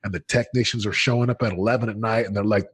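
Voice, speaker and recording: A man in his late thirties tells his story as a guest in a conversation. His voice sits on the low side and has a slightly husky edge. He speaks with energy and emphasis, breaking off and restarting sentences and mixing in slang. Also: steady tone, quick pace. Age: late 30s. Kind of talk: casual storytelling in an interview.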